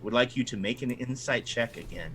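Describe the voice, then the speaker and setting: Bright-voiced man running a tabletop game. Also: mid-range voice, a little fast, slight background noise. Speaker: dungeon master.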